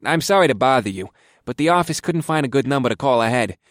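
A man's voice: on the high side, lively intonation, brisk, dry recording, clean studio sound, voice pushed up, lightly acted. A man voicing a nervous, apologetic male health inspector who stammers when flustered.

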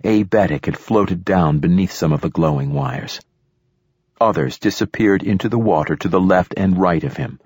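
A man reading a first-person action story aloud, with steady, measured narration and raised bursts for the shouted dialogue. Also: low voice, husky, no room sound, clean studio sound. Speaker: audiobook narrator.

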